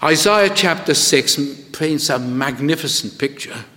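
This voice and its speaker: A man delivers a sermon at an unhurried, deliberate pace, building to emphatic questions. His voice sits a little high for a man. A long church reverb trails behind each phrase. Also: sharp tone. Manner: slow, deliberate preaching with rising emphatic questions. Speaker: preacher.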